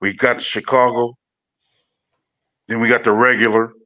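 A man from Illinois chatting on a podcast in a measured, matter-of-fact way. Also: mid-range voice, level tone, bright, forceful tone, lo-fi sound. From Peoria, Illinois. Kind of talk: casual podcast chat.

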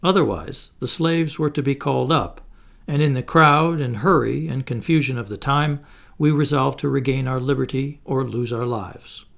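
Gravelly man reading an audiobook. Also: medium pitch, moderate pace, fairly bright tone. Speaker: audiobook narrator. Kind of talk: scripted narration.

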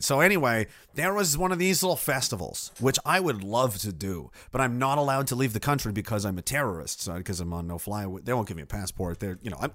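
A man's voice: mid-range voice, pushed and bright, no room sound, clean studio sound. A man streaming casual rambling commentary, sardonic and laughing often as he trails off.

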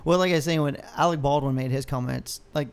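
A man's voice: fairly high pitch, quick pace, clean tone. A man co-hosting a podcast, ranting in casual chat, heavy on profanity and rambling stories. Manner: profane, ranting, animated storyteller. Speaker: podcast co-host.

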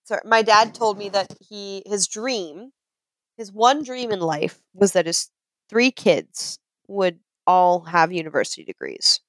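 A woman chatting casually, telling lively stories and acting out other people's voices. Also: mid-range voice, measured pace, no room sound. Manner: animated storyteller, acts out voices with laughter. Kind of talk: casual chat.

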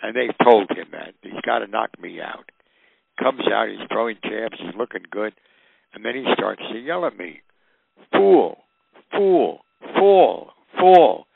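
An older man with a gravelly, creaky voice tells his stories with animation and jumps into the voices of the people in them. He sounds tinny and phone-like, like a call coming through on the radio, with no room sound at all. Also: lowish voice, normal speed, no room sound. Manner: animated, acts out quoted voices. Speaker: guest storyteller. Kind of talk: recounting anecdotes.

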